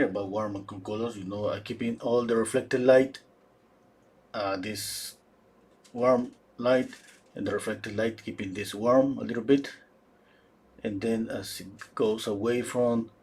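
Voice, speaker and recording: A man giving a live painting demonstration, thinking aloud in a halting way with frequent restarts. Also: fairly low pitch, a little mellow, slightly rough. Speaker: painting instructor.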